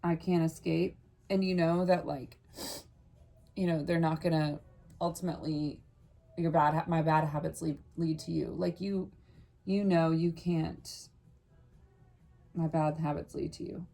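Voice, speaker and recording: Gravelly-voiced woman giving a rambling tarot reading. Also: low-pitched, level tone, a little slow, long pauses. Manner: rambling, filler-heavy, earnest and gentle. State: briefly emotional, voice catching. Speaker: tarot reader. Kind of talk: casual spiritual tarot reading to camera.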